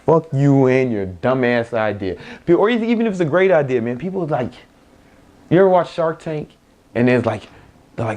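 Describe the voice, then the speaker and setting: A man's voice: medium pitch, big pitch swings, moderate pace, a little mellow. A young man, an entrepreneur, giving a blunt, profane motivational talk with frequent laughs and restarts.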